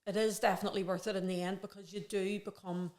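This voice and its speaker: A woman's voice: medium pitch, little pitch movement, fast talker, darkish tone. Woman, podcast guest, earnest rambling chat, reflective. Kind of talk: casual conversation.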